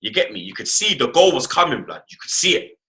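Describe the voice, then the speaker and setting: A man leads a loose football chat. He talks in an animated, slang-heavy way and keeps repeating his catchphrases. His voice comes out very bright and a touch high. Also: fast. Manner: animated slangy talk, repeats "blood" and "you get me". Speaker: host.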